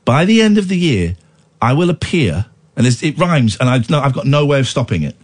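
A man's voice: mid-range voice, very animated, a little fast. A man hosting late-night talk radio, tired with a cold, talking in a playful, mock-indignant way. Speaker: radio host.

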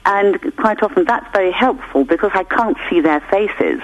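A woman's voice: medium pitch, lively intonation, normal speed, dull audio. A woman, a voice coach, patiently explaining breathing exercises over the phone on a radio show. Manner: instructive, patient, laughs easily.

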